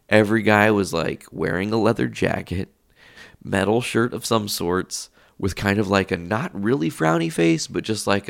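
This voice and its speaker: A young man casually retelling a story in a rambling, profane, animated way. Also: low voice, creaky.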